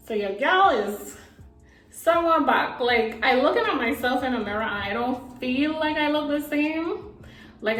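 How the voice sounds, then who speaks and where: Animated young woman telling a story. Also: on the high side, roomy sound, rough recording. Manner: animated, acts out voices in her story. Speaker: vlogger. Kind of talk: casual storytime vlog.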